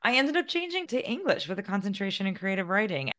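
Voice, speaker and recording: A woman's voice: mid-range voice, sing-song, fast, fairly bright tone. A woman in her forties, a guest author, chatting in an interview, self-deprecating and laughing often. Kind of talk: casual interview conversation.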